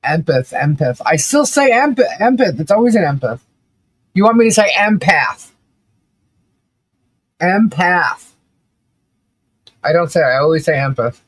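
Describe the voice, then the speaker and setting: A woman's voice: mid-range voice, sing-song, a little fast, dry recording. A middle-aged woman hosting a casual live stream, chatting animatedly and laughing often as she reacts to viewer comments. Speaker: livestream commentary host.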